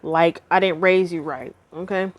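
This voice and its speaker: A woman's voice: lowish voice, steady tone, a little slow, natural voice. A woman voicing a stern middle-aged mother who scolds her son for mistreating his girlfriend. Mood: scolding. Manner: stern, lecturing.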